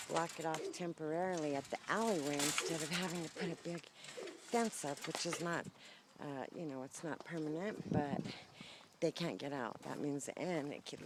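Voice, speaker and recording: A woman's voice: low voice, heavy background noise. Rambling, shaky woman vlogging outdoors. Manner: rambling, animated storytelling with many fillers. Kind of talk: casual rambling vlog. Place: outdoors by the horses. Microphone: phone's built-in mic, no clip-on mic.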